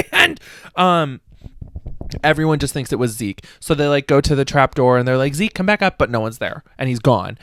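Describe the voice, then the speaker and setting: A man's voice: medium pitch, big pitch swings, normal speed, vocal fry, a bit bright, no room sound. A man recapping a book casually on a podcast, rambling and swearing, laughing at the silly plot. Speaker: podcast host.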